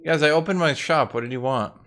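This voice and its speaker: A man's voice: fairly high pitch, quick pace, fairly bright tone. A man streaming a game, chatting playfully and teasing his cat in baby talk. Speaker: gaming streamer. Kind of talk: casual chat to his cat while streaming.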